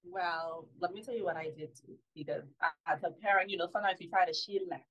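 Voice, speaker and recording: Woman on a podcast telling her story, candid, goes soft and quiet a lot, kinda muffled lo-fi sound. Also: fast talker. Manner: candid, often drops to a soft, low voice when recalling things. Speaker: podcast guest. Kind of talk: casual storytelling conversation. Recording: slightly dull lo-fi sound.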